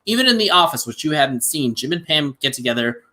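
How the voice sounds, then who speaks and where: A man's voice: fairly high pitch, big pitch swings, fast, pushed and bright. A man co-hosting a podcast in casual chat, blunt and opinionated. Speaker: podcast co-host.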